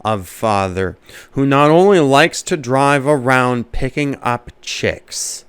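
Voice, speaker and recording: A man's voice: medium pitch, slow pace, a bit bright, clear, resonant tone, no room sound. A man, a comedian, telling a comic story as a monologue and laughing often at his own jokes.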